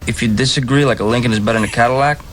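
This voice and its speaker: A man's voice: mid-range voice, slight background noise, close to an everyday voice, poor audio. A man putting on a brash New Yorker. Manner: quick, brash, repeating catchphrase. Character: fast-talking New Yorker.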